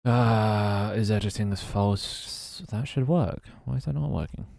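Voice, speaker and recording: Low-voiced British man muttering as he codes. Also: unhurried, vocal fry, a little mellow, no echo, clean studio sound. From Britain. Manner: muttering and swearing at his code, chatting with viewers. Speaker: streamer. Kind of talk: casual live-stream chat while coding.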